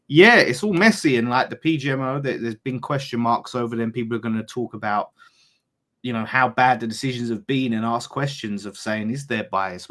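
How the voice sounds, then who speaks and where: A man talks football in a loose, informal way. He drops to quiet mutters and then pushes certain words out loudly. His pitch sits in the middle of the range. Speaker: podcast pundit. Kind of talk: casual football chat.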